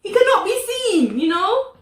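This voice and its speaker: A woman chatting casually about a drama, animated and laughing as she acts out quotes. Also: very high voice, moderate pace, slight background noise. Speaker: co-host. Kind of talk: casual chat reviewing a drama. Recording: echoey room, a bit far from the mic.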